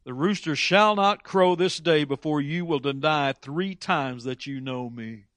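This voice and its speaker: A man preaching a sermon, animated, with frequent restarts and loud dramatic climaxes. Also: fairly high pitch, unhurried, no room sound.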